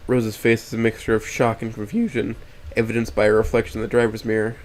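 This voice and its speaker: A man's voice: fairly low pitch, level tone, fast talker, hardly any pauses. Young man casually reading aloud. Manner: casual, first-person narration with blunt, profane asides. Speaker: streamer reading a visual novel. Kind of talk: reading a story aloud on stream.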